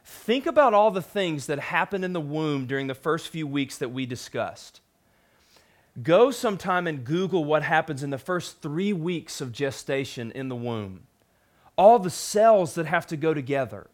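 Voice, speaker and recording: Young man, pastor, sermon, slightly high voice, casual, animated, conversational. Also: normal speed. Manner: conversational, animated storytelling with frequent fillers.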